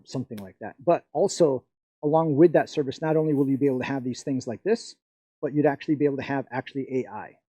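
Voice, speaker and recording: A man's voice: medium pitch, mellow, slightly rough, no echo, dull audio. A middle-aged man from the Philippines presenting a live workshop, rambling and chatty with many fillers and frequent laughs.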